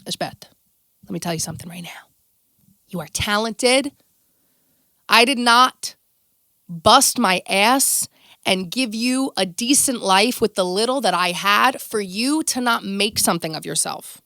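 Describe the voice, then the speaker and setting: A woman's voice: mid-range voice, a little slow, sharp tone, dry recording, clean studio sound. A woman voicing her stern, loving older mother, who talks in a blunt, scolding but heartfelt way.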